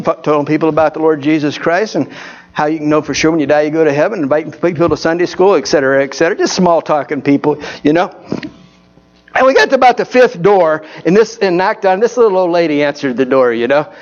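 Folksy preacher man with a high voice. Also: quick pace, highs cut off. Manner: folksy, keeps asking amen. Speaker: Baptist preacher. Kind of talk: sermon.

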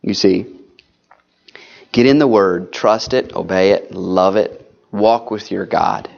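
A man's voice: sits low, takes it slowly, creaky, a little mellow, lo-fi sound. A man preaching a sermon, earnest and pleading, often calling his listeners folks.

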